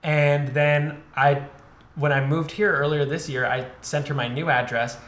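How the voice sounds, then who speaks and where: A man's voice: on the high side, fairly even intonation, a bit bright. A young man co-hosting a podcast, chatting casually and telling a story between laughs. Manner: loose, laughing storyteller who does quick funny voices. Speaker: podcast co-host. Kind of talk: casual chat. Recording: roomy sound with faint noise.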